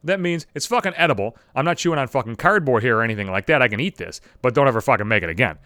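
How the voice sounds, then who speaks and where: A man's voice: medium pitch, lively intonation, very fast, fairly bright tone, no echo, studio quality. A man hosting his own podcast, ranting in a casual comedic monologue, profane and self-mocking. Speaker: podcast host.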